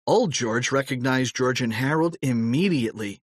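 A man's voice: medium pitch, animated, unhurried, a bit bright, husky, dry recording, studio quality. A man narrating a children's audiobook with playful storytelling.

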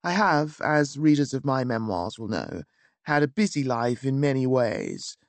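A man narrating a first-person story in a wry, measured, theatrical manner. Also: medium pitch, sing-song, no echo. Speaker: audiobook narrator. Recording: dry close studio.

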